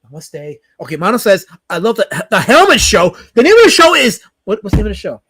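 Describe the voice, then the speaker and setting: Man, livestream host, high voice, very lively pitch, mock-indignant rants, restless banter. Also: noisy background. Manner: fast, restless, talks back to chat. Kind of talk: casual stream banter.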